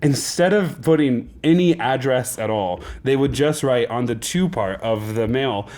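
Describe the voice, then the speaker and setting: A man's voice: mid-range voice, a little slow, a little mellow. A man hosting a podcast, telling history in a casual, joking way and laughing often. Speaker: podcast co-host. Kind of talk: casual chat.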